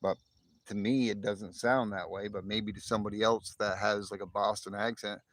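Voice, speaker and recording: A man's voice: on the low side, steady tone, normal speed, fairly bright tone, no room sound. Chatty man live from outdoors. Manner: chatty, laughs often, jokey put-on voices. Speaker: livestream host. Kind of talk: casual chat to live viewers. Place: outdoors in morning sun. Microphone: phone.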